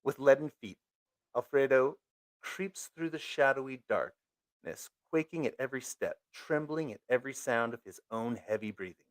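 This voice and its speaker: A man reads a horror comic aloud at an ordinary pitch, in a casual, amateur way. He sometimes stumbles over a word and restarts. The sound is close and dry. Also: animated, moderate pace, no room sound. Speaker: comic book reader.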